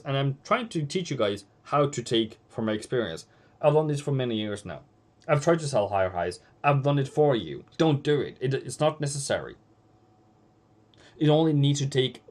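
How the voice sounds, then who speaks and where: A man with Norwegian as his first language hosts a live trading stream. He scolds bluntly and repeats phrases for emphasis. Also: mid-range voice. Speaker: forex trading livestream host.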